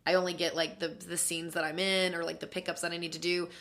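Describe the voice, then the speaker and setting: A woman voice actor, a guest on a podcast interview, telling stories in an animated way and laughing often with eager enthusiasm. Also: on the low side, quick pace.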